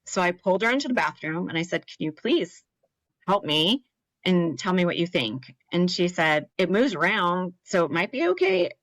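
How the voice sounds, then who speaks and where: A woman in her thirties recounts her own story as an interview guest, her voice sitting somewhat low. She speaks earnestly and with emotion, briefly acting out the voices of others. The recording is dry and close, with no room sound. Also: very animated, normal speed, fairly bright tone, dry recording, rough recording. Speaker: podcast guest, cancer survivor.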